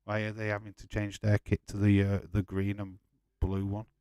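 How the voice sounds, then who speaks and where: A man's voice: on the low side, monotone, normal speed, dark tone, clean tone, dry recording. A man hosting a live watch-along stream, chatting casually, swearing freely and laughing while he reads viewer comments.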